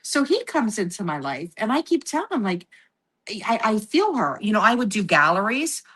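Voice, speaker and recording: A woman's voice: mid-range voice, sing-song, moderate pace, fairly bright tone, husky. A woman telling a personal story in a casual podcast chat, acting out the voices of the people she quotes. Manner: acts out quoted voices, laughs while telling. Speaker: psychic medium guest.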